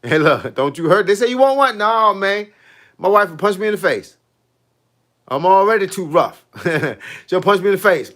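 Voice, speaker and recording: A lively man in his fifties chats on a fitness livestream, telling stories with plenty of energy. His voice sits a touch higher than most men's. He talks loosely and casually, like he's talking to friends. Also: normal speed. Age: 50s. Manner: animated, storytelling, reading out viewer comments. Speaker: fitness coach.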